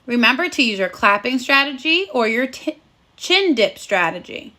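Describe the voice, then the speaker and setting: A woman teaching a recorded phonics lesson to young children, encouraging them and sounding out words slowly and clearly. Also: fairly high pitch, big pitch swings, pushed and bright. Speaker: first grade teacher.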